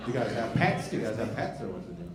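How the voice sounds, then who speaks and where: A male comedian doing crowd work on stage, teasing and profane, dropping to low mutters and then shouting. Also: very animated, fast talker. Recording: echoey club with loud crowd noise. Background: loud laughing audience.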